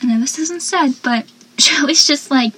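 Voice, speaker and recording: A young woman casually recapping a TV episode, chatty and laughing often, with animated asides. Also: high-pitched, measured pace, poor audio.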